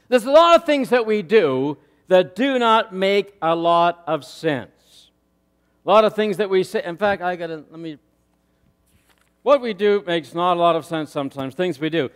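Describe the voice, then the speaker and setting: A middle-aged male pastor preaching a sermon, telling stories and getting louder and higher as they build. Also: big-room sound. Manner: storytelling, rising loud and high in anecdotes. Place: church sanctuary.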